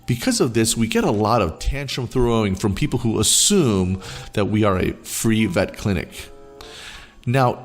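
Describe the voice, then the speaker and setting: A man narrating internet stories aloud to viewers in an expressive, storytelling manner. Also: mid-range voice. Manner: expressive, animated reading. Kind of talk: reading reddit stories aloud.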